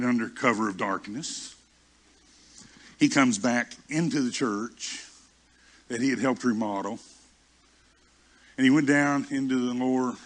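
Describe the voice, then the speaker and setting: A man's voice: mid-range voice, a bit bright. A male pastor preaching a sermon through personal stories, self-mocking and often restarting his sentences.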